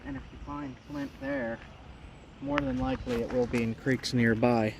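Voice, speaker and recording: Excitable man exploring a creek outdoors. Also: mid-range voice, moderate pace, creaky. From Long Island, New York. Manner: excitable, laughs often, talks to viewers. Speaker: host. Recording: outdoor noise behind.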